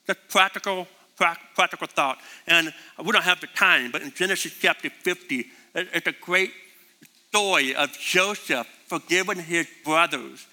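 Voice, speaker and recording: A man with a high, very bright and piercing voice preaches with emphasis, hammering home his points by repeating them. His words ring out with a long reverb, as in a big church hall. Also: moderate pace. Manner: emphatic, repeats key phrases. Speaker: pastor. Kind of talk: sermon.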